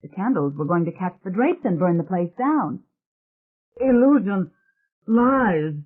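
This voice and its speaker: A narrator giving a steady, dramatic reading of a suspense audiobook. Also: medium pitch, moderate pace. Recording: tinny phone-like sound.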